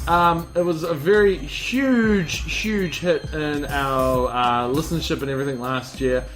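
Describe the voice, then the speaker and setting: A man chatting on his podcast, his voice sitting a little high and ringing bright. He rambles and restarts sentences, wired on caffeine, while soft music plays faintly in the background. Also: measured pace. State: buzzing on caffeine. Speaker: podcast host. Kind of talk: casual chat.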